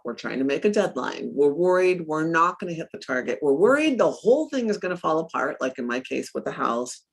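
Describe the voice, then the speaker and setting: A middle-aged woman coach in a casual interview, telling stories with lively acted-out quotes and frequent laughs. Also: sits low, vocal fry, husky. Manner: animated storyteller, acts out her own quotes, laughs often.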